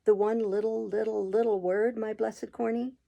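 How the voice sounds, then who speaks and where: A woman's voice: on the high side, flat delivery, normal speed, dark tone. A woman doing a pompous, coaxing old-time beadle. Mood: rapturous. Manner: smooth, coaxing, self-important. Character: pompous middle-aged male parish beadle, wooing.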